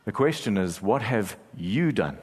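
Pastor guy preaching, kinda low voice, earnest, echoey church hall. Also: expressive, a little slow, husky. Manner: earnest preaching, rising intensity, then hushed prayer. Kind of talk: sermon.

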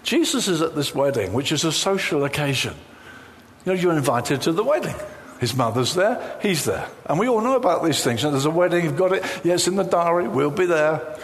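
A man preaching a sermon in an animated, humorous way, acting out the lines he quotes. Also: fairly high pitch, brisk, big-room sound.

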